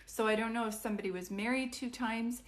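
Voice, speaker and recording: Excitable woman chatting on a live stream. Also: fairly high pitch, quick pace. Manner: excitable, rambling, talks to viewers directly. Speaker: psychic reader on a live stream. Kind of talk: casual live-stream chat.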